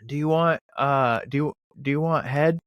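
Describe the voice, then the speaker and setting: A pushy, wheedling street hustler woman, as a man puts her on in a raised, squeaky register. She keeps pressing her offer and won't take no for an answer. The voice is close and dry, with little room sound. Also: normal speed, fairly bright tone, clear, resonant tone, no room sound, muffled recording, lightly acted. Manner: wheedling, persistent.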